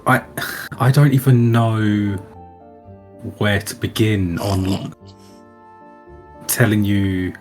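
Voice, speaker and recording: A man's voice: lowish voice, little pitch movement, drawn-out words, pauses often, darkish tone, soft background music. Dry, teasing man. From England (Essex). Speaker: guest friend judging.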